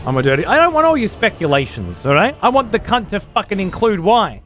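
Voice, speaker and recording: This streamer's high, sing-song, slightly bright voice moves fairly quickly over soft background music. He gives live gameplay commentary and swears heavily while ranting at his chat.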